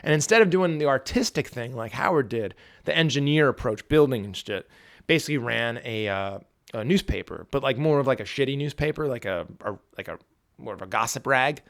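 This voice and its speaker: Gravelly man rambling about a book. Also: mid-range voice, expressive, brisk. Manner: rambling, profane, frequent restarts. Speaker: podcast host. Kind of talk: casual book discussion.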